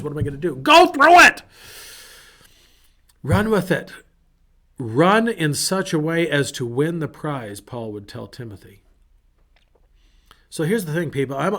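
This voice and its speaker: Upbeat, fairly high-voiced male pastor. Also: fairly bright tone. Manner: earnest, conversational, encouraging. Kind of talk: casual devotional talk.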